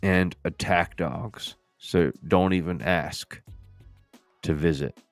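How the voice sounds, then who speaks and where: A male podcast host who chats casually and jokes with his viewers. His voice is low and gravelly. It is recorded dry, with faint music underneath. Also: takes it slowly, no echo. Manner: playful, joking, talks to viewers as "folks". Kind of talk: casual demo chat.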